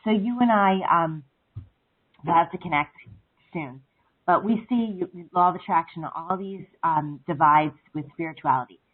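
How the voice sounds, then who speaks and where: A woman calling into a talk show over the phone. She rambles through her thoughts, filling them with "like" and "um". Her voice is a bit husky and comes through thin and narrow. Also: on the low side, normal speed. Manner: rambling, full of "like" and "um". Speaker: caller. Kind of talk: casual phone-in chat. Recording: phone line.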